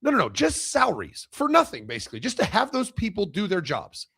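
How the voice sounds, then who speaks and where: A man talks sports in a casual podcast chat, blunt and profane. His voice is high for a man, gravelly and husky, and it swings up and down as he argues his points. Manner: blunt, profane and animated, with quick restarts.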